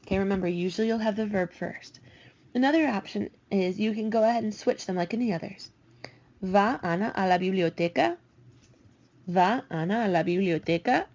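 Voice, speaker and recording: A woman teaching a recorded language lesson, patiently explaining and slowing down to spell out each example. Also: mid-range voice, warm tone. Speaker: Spanish teacher. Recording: dull lo-fi recording.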